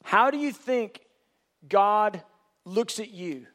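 Brief: high-pitched male preacher, emphatic, repetitive, rhetorical questions. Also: lively intonation, slow, a bit bright. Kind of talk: sermon.

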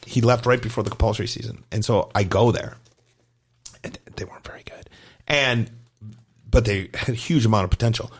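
A middle-aged man, a gymnastics coach co-hosting a podcast, telling lively stories in casual chat and acting out the voices of the people in them. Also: on the low side, fairly quick, pauses often, husky. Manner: animated, acts out quoted voices in his stories.

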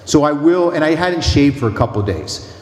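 A man's voice: a little high, expressive, normal speed, reverberant, long reverb tail. A man who is a priest, delivering a sermon with emphatic, humorous storytelling.

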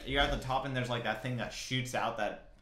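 Young man, casual chat, bright and forceful, rambling, roomy echo. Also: medium pitch, fairly even intonation, fairly quick, a little hiss or hum. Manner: rambling, filler-heavy storytelling. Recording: echoey room.

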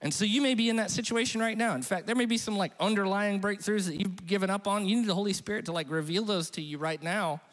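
A man's voice: high voice, quick pace, hardly any pauses, fairly bright tone. A middle-aged male pastor preaching a humorous, conversational sermon, teasing himself and chatting with the congregation. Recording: long reverb of a large hall.

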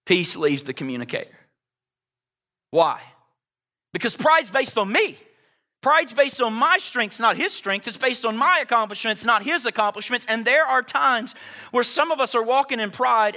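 A man's voice: high voice, sharp tone. A man preaching a sermon as pastor, emphatic, repeating key phrases and speaking straight to the congregation.

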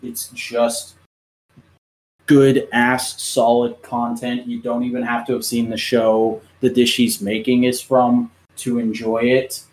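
A man's voice: medium pitch, takes it slowly. Rambling, swearing man in casual chat. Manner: rambling, profane, animated retelling; many fillers and restarts.

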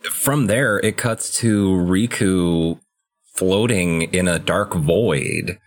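A man co-hosting a podcast, chatting casually as he recaps a video game and breaks into quick, excited rushes of speech. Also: low-pitched. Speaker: podcast co-host.

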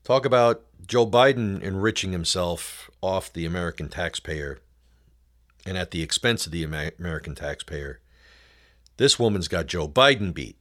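A man hosting his own talk show, delivering political commentary in a sarcastic, needling tone. His voice sits fairly low, and he keeps turning to his listeners to call them folks. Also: expressive, moderate pace, fairly bright tone. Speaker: show host.

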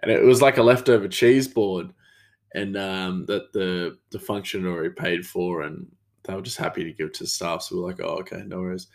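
An Australian chef telling rambling stories in a casual monologue, with many fillers and frequent chuckles, a bit tired. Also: male voice, sits low, steady tone, normal speed. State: tired, yawning.

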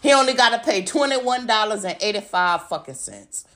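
A woman hosts a podcast in an angry, swearing rant. She repeats her insults and mocks the people she is talking about. Her voice sits at an average pitch for a woman. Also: expressive, moderate pace, bright, forceful tone. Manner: profane, mocking, repeats insults. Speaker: podcast host. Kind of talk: angry ranting monologue.

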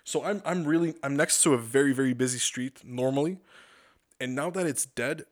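A man's voice: medium pitch, normal speed. A man hosting a podcast, telling rambling, profane stories with lots of stammered restarts. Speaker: podcast host. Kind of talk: casual comedic monologue.

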